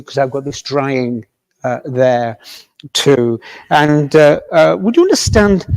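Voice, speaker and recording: A man working as a medium in a village hall, talking gently and tentatively to a member of the audience and often checking that what he says makes sense. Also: medium pitch.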